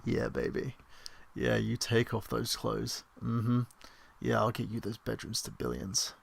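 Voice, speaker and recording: A man putting on the voice of a creepy, leering seducer, murmuring slow, breathy sex talk. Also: fairly even intonation, exaggerated voice. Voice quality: low breathy murmur, drawn out.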